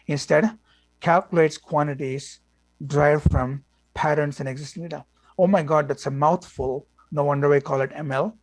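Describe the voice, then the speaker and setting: A man's voice: fairly high pitch, fairly even intonation, moderate pace, dry recording. A man lecturing a class on machine learning, blunt and opinionated, with many fillers like "you know" and "okay".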